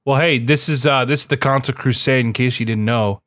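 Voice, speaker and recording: A man's voice: medium pitch, fairly quick, a bit bright, no room sound, clean studio sound. Man chatting in a mock Minnesota accent. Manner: joking, drifts into a put-on folksy accent calling everyone bud. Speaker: podcast co-host. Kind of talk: casual chat.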